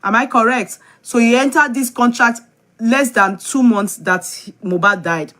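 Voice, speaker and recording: Lady hosting a talk show, bright voice, laughs while reading stuff out. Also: fairly high pitch, unhurried. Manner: reads a letter aloud with laughs. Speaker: show host.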